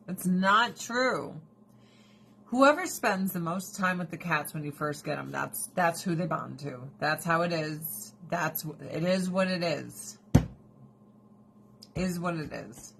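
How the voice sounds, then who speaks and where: A woman's voice: on the low side, takes it slowly, creaky, a bit bright, slight background noise. A woman hosting a casual livestream chat, talking bluntly and expressively, swearing freely and often laughing. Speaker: livestream host.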